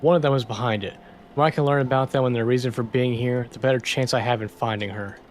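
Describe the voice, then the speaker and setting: A man playing a detective game, casually reading its text aloud and thinking out loud between lines. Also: mid-range voice, fairly even intonation, fast talker, slight background noise. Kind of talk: let's-play narration.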